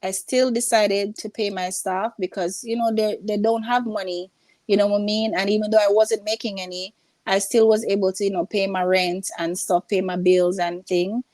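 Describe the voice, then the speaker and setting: A woman's voice: mid-range voice, normal speed, no room sound. A Jamaican woman, a business owner, telling stories in a casual interview and acting out the voices of the people in them. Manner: animated storyteller, acts out voices in quotes. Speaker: guest entrepreneur.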